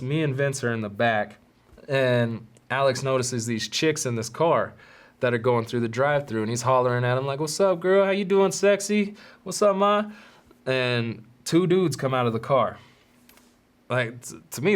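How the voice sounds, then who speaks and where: A man hosting a podcast, telling a story in a casual, animated, profane way with street slang. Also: mid-range voice. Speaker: podcast host.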